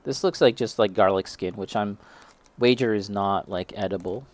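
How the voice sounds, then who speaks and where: A man's voice: fairly low pitch, moderate pace. A young man casually chatting as he tastes and reviews snacks, self-deprecating and reacting as he eats. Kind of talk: casual snack tasting chat.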